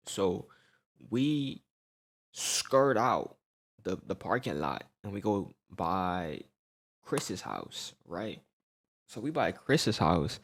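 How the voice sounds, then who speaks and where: A young man telling a storytime tale in casual slang, animated and peppered with "right?" tags. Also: on the low side.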